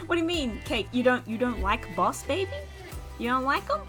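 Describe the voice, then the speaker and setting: A woman's voice: high voice, very animated, moderate pace, fairly bright tone, faint music behind. A young woman streaming as she draws, chatting casually with viewers and giggling often. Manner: chatty, giggly, talks to chat. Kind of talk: casual chat while drawing on stream.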